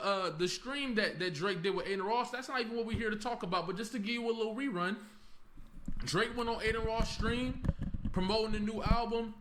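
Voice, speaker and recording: A man with a high, bright voice swings his pitch all over as he rants through a reaction video. His commentary is casual and emphatic, packed with slang and trash talk. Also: a little hiss or hum.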